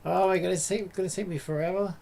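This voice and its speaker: Casual male streamer, slightly high, gravelly voice, rambling think-aloud delivery, faint typing behind. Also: fairly even intonation, quick pace, a little mellow, a little hiss or hum. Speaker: streamer and indie game developer. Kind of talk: casual live-stream commentary while coding.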